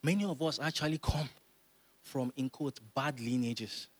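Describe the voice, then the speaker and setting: A man, preaching a sermon as pastor, emphatic and repeating phrases as he builds to loud exhortation. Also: medium pitch, measured pace. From Nigeria.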